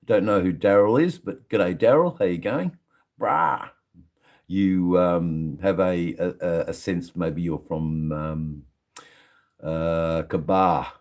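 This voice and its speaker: A man's voice: low-pitched, slow, a little mellow. An Australian man hosting a casual livestream from his shed, rambling and greeting viewers in the chat one by one. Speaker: livestream host.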